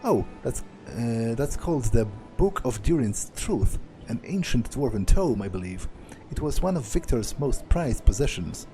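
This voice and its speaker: A man voicing a grieving widow who talks softly and sentimentally. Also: mid-range voice, sing-song, measured pace, hardly any pauses, soft background music. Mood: sad. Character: grieving widowed lady of the house.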